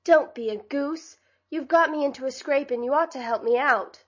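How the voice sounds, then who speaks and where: A spoiled teenage girl from a storybook snaps back pertly in a high, sharp voice, put on by a woman narrator. She has a quick temper and a sulky edge. The audio is a bit muffled. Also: lightly acted. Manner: pert, snappish. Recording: slightly dull lo-fi audio.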